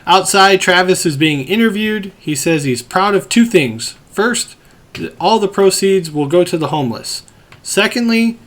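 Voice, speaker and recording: A man hosting a podcast, recapping a movie scene by scene and acting out the quotes in lively voices. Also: sits high, normal speed. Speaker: podcast host.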